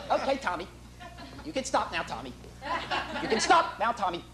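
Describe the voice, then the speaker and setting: This comic monologue features a stage actor in a one-man show as a boastful, talkative working-class dad who rambles in slang and broken grammar. He uses a full character voice, very high and very animated, delivered slowly over heavy background noise in the theater.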